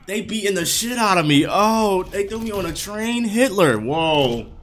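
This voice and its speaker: A man's voice: high voice, animated, a little slow, hardly any pauses, a bit bright, a little hiss or hum. A man giving casual, profane gameplay commentary, laughing often. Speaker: gaming streamer.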